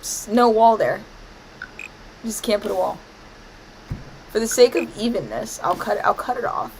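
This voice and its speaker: Woman streamer, mid-pitched, chatty gameplay talk, scolds the game in playful fake outrage. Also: expressive, moderate pace, darkish tone, slight background noise, poor audio. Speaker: gaming streamer. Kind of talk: casual gameplay commentary.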